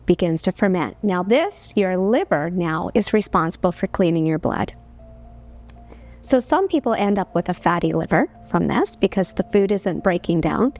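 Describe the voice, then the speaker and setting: A woman's voice: mid-range voice, darkish tone. A woman health educator explaining digestion as a talk-show guest, in an earnest, explanatory way with rhetorical questions. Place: television studio.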